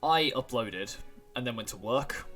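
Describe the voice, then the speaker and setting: A hoarse man talks in a chatty, apologetic way while introducing his game episode. His voice sits at an ordinary middle pitch, and faint music plays softly behind him. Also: expressive, a little slow. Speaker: gaming YouTuber. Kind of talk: casual let's-play commentary.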